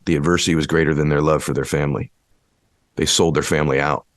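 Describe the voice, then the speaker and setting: A man giving a motivational speech, preachy and building to impassioned shouting. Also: a bass voice, steady tone, fast, no echo, clean studio sound. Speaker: motivational speaker.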